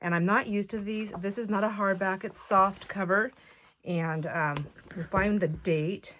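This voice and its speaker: A woman chatting to camera while showing off a craft haul, excitable and full of fillers and asides. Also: medium pitch, a little slow, slight background noise. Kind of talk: casual chat to camera.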